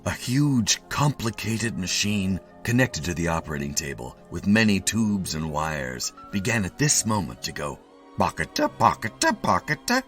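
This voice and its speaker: Brief: a man reading a short story aloud, animated and bright, soft music underneath. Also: sits low, moderate pace, few pauses. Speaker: story reader. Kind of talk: scripted story narration.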